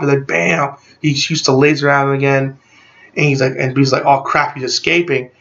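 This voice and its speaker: A man casually recapping a movie in a rambling, excited way, packed with "like" fillers. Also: mid-range voice, highs cut off. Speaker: movie reviewer.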